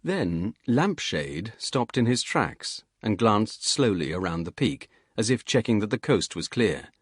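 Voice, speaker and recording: Low-voiced male thriller narrator. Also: breathy edge, dry recording, clean studio sound. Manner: measured, steady thriller reading. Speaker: audiobook narrator. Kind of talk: scripted narration.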